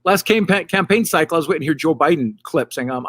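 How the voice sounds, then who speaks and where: Middle-aged male comic, raised pitch, dry close sound, rambling deadpan stand-up. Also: fast talker, hardly any pauses, no echo. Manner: rambling, loose delivery with deadpan punchlines. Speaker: stand-up comedian, host. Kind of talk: casual stand-up monologue to camera. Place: hot tub. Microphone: camera mic.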